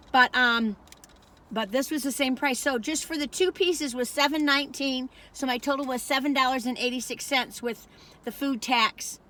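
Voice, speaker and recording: High, bright-voiced woman in her sixties. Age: 60s. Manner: rambling, digressive, talks straight to viewers. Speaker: food reviewer vlogger. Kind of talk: casual chatty food review.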